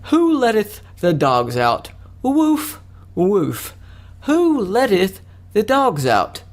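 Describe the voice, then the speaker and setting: A pompous stage orator declaims slowly in grand mock-old English, pitched a little high, with sudden squeaky yelps, as a man hams it up. The delivery is theatrical and drawn out. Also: huge pitch swings, exaggerated voice.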